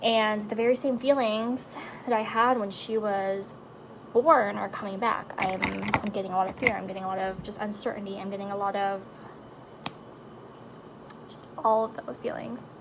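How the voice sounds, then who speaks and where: A woman with a mid-range voice talks at a normal speed and keeps her intonation fairly even, with noise in the background. She's a mother of four doing her makeup and chatting casually. She's emotional and rambling, drifting from topic to topic with plenty of fillers and frequent "likes."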